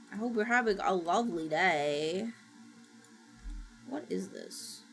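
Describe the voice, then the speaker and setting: A woman streaming, chatting casually while she works and gasping and squealing with excitement as she greets viewers. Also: on the low side, takes it slowly, pauses often. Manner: excitable, gasps and squeals at new followers; chatty and self-mocking, talking while working. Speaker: VTuber streamer. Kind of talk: casual livestream chat. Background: faint background music.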